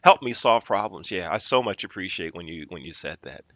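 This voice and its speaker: A man's voice: low voice, expressive, brisk, fairly bright tone, dry recording, muffled recording. A man hosting a casual podcast interview, telling stories with frequent restarts. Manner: storytelling with restarts. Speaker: podcast host.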